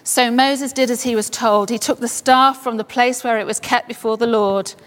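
Woman preacher, high voice, fervent and emphatic, reverberant hall sound. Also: fairly even intonation, moderate pace, fairly bright tone. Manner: builds to fervent exclamations. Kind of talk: sermon with scripture reading.

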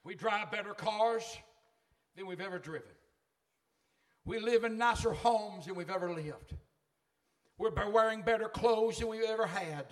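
A man's voice: sits high, moderate pace, pauses often. A middle-aged man preaching a sermon in a fervent, folksy way.

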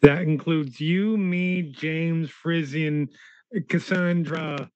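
A man's voice: on the high side, steady tone, drawn-out words, no echo, muffled recording. A man playing his character in a tabletop role-play game, talking in a rambling way and swearing freely.

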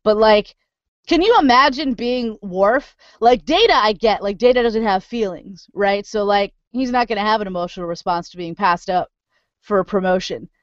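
Woman on a podcast swearing a lot, gets worked up fast, dry dull-ish sound. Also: mid-range voice, dry recording. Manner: animated, profane, swings into loud indignant rants. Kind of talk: casual chat.

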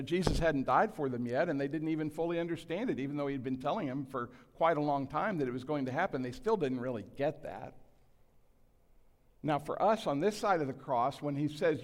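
A man's voice: fairly high pitch, darkish tone. A man in his sixties preaching a sermon to a large congregation, earnest and self-deprecating, acting out the quotes he reads. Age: 60s. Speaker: pastor. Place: church hall with a large congregation. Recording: long hall reverb.

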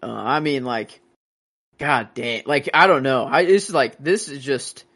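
Rambling, excitable young man. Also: medium pitch, a little slow. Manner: rambling and enthusiastic, many fillers and restarts. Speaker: podcast co-host. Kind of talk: casual movie chat.

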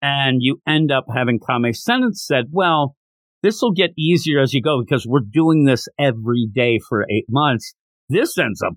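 A man hosting a podcast, casually retelling a comic chapter and acting out the characters' lines in quick, higher voices. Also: big pitch swings, no room sound. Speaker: podcast host. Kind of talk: casual manga recap.

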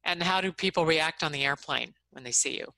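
A woman's voice: low voice, brisk, vocal fry, sharp tone, no echo, poor audio. A woman asking friendly, encouraging interview questions.

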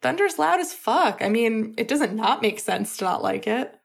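A woman's voice: fairly high pitch, big pitch swings, moderate pace, creaky, pitched above the performer's own voice, full character voice. Woman playing an easygoing young guy. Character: easygoing, affectionate young man. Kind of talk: audiobook reading.

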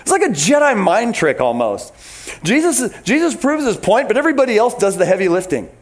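A man preaching a sermon as pastor, animated and emphatic, talking straight to his congregation. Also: high-pitched, fairly quick.

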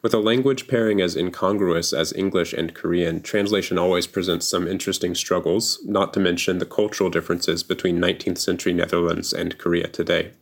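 Casting: deep-voiced man guest, earnest and measured delivery. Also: fairly even intonation. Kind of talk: scripted monologue.

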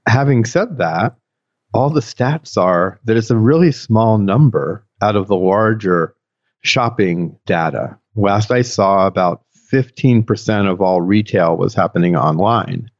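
A man's voice: lowish voice, lively intonation, unhurried, no room sound. A man in his sixties, a guest on a podcast, giving thoughtful, rambling explanations with restarts. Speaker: podcast guest, industry executive. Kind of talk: podcast interview. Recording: dull, lo-fi dry sound.

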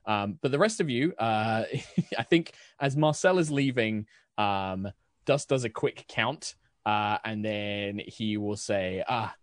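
A man narrating as game master of a tabletop game, chatty and quick to laugh. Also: on the low side, dry recording. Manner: animated, laughs often, loose and chatty.

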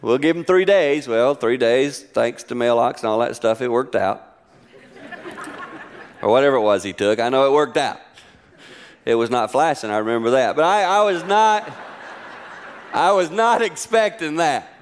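A middle-aged man preaching a sermon, telling family stories with lively acted-out voices. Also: moderate pace, pauses often, slight background noise. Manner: animated storytelling, acting out voices with high-pitched exclamations. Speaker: pastor.

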